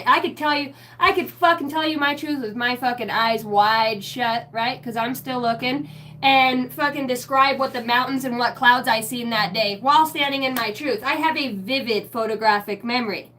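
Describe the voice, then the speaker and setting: Woman doing a tarot reading, swears nonstop, kinda high voice, mic a bit far off w faint hum. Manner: excitable, swears constantly, stream of consciousness. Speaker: tarot reader. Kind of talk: rambling spiritual tarot reading.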